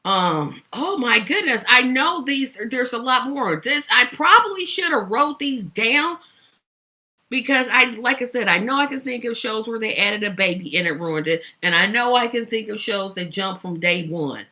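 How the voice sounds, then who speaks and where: A woman's voice: fairly high pitch, expressive, normal speed, pushed and bright. A woman hosting a casual solo chat, rambling through her thoughts with many fillers and restarts. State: back hurting, shifting in seat. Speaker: host. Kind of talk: casual solo chat about old TV shows.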